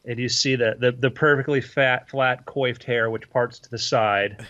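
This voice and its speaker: A man narrating as game master of a tabletop game in a dry, deadpan way. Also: medium pitch, a little slow, dry recording. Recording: slightly muffled dry audio.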